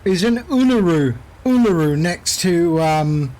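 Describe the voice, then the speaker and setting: A man's voice: fairly high pitch, expressive, a little slow, warm tone. A man streaming a flight simulator, chatting casually and rambling with jokey asides to his viewers. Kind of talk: casual chat while flying a sim.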